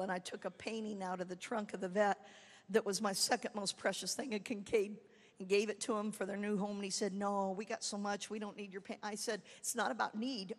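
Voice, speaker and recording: Animated woman evangelist in a reverberant hall. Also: mid-range voice. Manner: animated storytelling, swings from quiet to shouting. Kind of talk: sermon. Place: church camp meeting hall.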